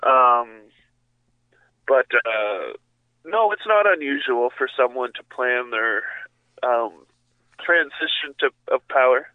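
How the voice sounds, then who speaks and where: A man co-hosting a podcast in casual chat, bringing up news items in a relaxed way with fillers. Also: medium pitch, slow pace, long pauses, dry recording. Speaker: podcast co-host. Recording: tinny phone-like line.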